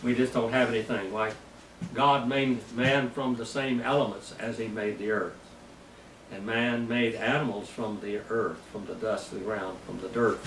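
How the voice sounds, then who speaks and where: A hoarse man teaching a slow, deliberate Bible lesson, sounding out Hebrew words syllable by syllable. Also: lowish voice, steady tone, a bit bright, roomy sound, far from the mic, a little hiss or hum, low-quality recording. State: hoarse, losing his voice.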